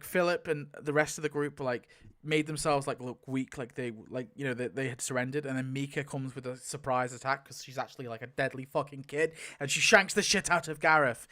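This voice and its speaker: A man's voice: fairly high pitch, a bit bright. A young man giving casual commentary as he spins a wheel to pick story outcomes, rambling with lots of filler and frequent swearing. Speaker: video creator.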